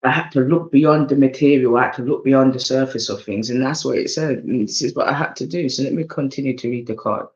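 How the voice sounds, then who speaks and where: A man's voice: mid-range voice, brisk, few pauses, darkish tone. Slangy English man, dull lo-fi sound. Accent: English, London slang. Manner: loose, slangy, swings between hype and mumbling. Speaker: oracle card reader. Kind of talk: casual tarot-style card reading.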